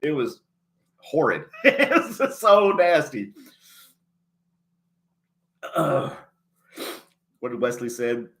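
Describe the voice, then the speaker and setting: A man hosting a casual livestream chat, rambling in a folksy way and chuckling often, a little choked up and clearing his throat. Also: medium pitch, big pitch swings, drawn-out words, pauses often, a bit bright. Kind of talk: casual chat reading a live chat.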